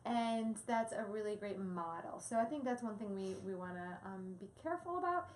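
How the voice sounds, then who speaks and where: A woman's voice: medium pitch, animated, normal speed, darkish tone. A woman co-hosting a parenting talk, chatting casually, laughing often and explaining with examples. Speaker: co-host, parenting presenter. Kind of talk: casual educational chat. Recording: echoey room with faint ambient noise.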